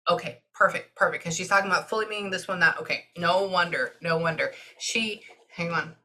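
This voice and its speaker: A Texan woman giving a medium's reading in an animated, chatty way, often pausing to listen. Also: fairly low pitch. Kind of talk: casual spoken reading session.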